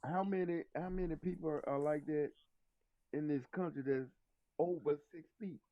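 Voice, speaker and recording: A man's voice: on the high side, fairly even intonation, normal speed, no room sound, lo-fi sound. A man in his fifties on a debate panel, teasing the others in a casual way. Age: 50s. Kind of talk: live-stream debate.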